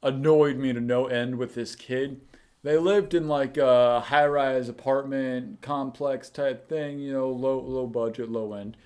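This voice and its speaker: Man, casual film review chat, rambling, fillers, mid pitch. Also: fairly even intonation, measured pace, darkish tone, clear, resonant tone. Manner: rambling, hesitant, lots of fillers. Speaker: movie reviewer.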